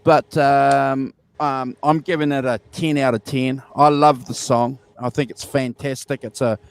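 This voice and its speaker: A man's voice: mid-range voice, level tone, a little slow, gravelly, clear, resonant tone, no room sound. A man, co-hosting a casual album review chat, enthusiastic and repeating himself with many fillers. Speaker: podcast co-host.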